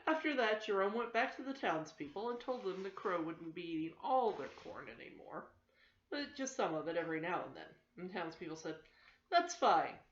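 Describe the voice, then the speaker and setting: An older woman reading a children's story aloud for her grandchildren, gentle and steady, in a roomy, slightly dull home recording. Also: fairly low pitch, a little fast, slight background noise.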